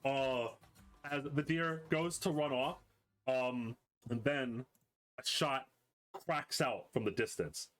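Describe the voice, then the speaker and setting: A man's voice: medium pitch, takes it slowly, fairly bright tone. Man casually narrating as game master. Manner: casual, rambling, with many fillers.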